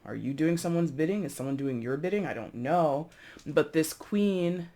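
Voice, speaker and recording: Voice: medium pitch, animated, a little fast, dark tone. Chatty, rambling tarot reader. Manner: chatty, rambling, repeats and corrects self. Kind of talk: casual tarot reading to camera.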